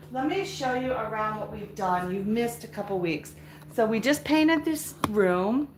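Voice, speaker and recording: A middle-aged woman chats casually to her live-stream audience while she moves around her house sorting things. She talks slowly and at an easy pace. Faint household noise sits behind her voice. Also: medium pitch. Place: house interior, moving between rooms.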